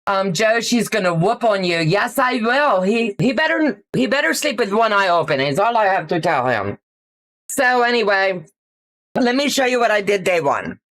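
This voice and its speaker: A woman's voice: medium pitch, very animated, moderate pace, a bit bright. A middle-aged woman hosting a live stream, telling a story in a chatty way, laughing often and greeting viewers by name. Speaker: livestream host. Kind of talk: casual storytelling livestream.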